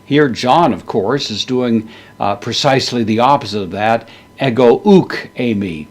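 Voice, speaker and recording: A middle-aged man giving a verse-by-verse Bible lesson, measured, slowing down to stress quoted words. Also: mid-range voice. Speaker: Bible teacher.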